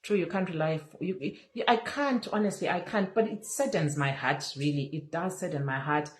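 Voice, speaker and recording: A woman's voice: lowish voice, normal speed, low-quality recording. A woman hosting a casual Facebook live chat on her phone, earnest and repeating her phrases, slipping in Zulu words. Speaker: livestream host.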